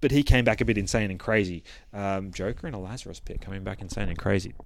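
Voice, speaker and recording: A man's voice: fairly low pitch, fast talker, vocal fry, slight background noise. A man hosting a podcast, casually recapping a comic book in a rambling, profane way. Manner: profane, rambling, acts out characters' lines. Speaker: podcast host.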